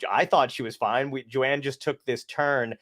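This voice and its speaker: A man's voice: medium pitch, fairly even intonation, moderate pace, a bit bright, dry recording, studio quality. A man hosting a casual chat show, talking loosely, swearing freely and laughing often. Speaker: host.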